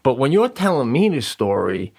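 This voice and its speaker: A man co-hosting a podcast in casual chat, throwing out profane comic rants. His pitch moves around a lot as he riffs. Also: big pitch swings, moderate pace, gravelly, darkish tone. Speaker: podcast co-host.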